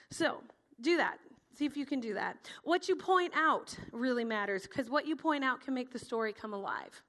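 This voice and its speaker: A middle-aged woman teaching adults how to tell Bible stories to children, in an animated style that acts out the quotes and laughs often. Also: high-pitched, normal speed. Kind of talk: teaching talk with storytelling.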